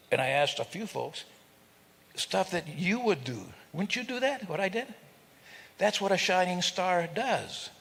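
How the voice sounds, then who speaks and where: A man's voice: medium pitch, gravelly, a bit bright, slightly rough. A man giving a speech at an event, joking with the audience and acting out sounds and voices as he tells stories. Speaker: guest speaker. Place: event hall. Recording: long hall reverb.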